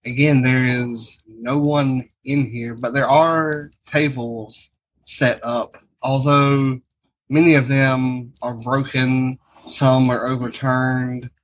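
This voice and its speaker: A man narrating a tabletop game as dungeon master, setting each scene in slow, descriptive detail. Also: medium pitch, a bit bright, poor audio.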